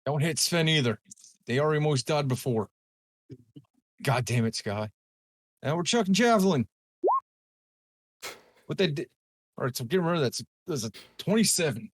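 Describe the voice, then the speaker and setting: A man's voice: a little high, expressive, normal speed, pauses often, breathy edge, no room sound, clean studio sound. Brash, cursing young male gamer. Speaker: tabletop game player. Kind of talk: casual play, in-character banter.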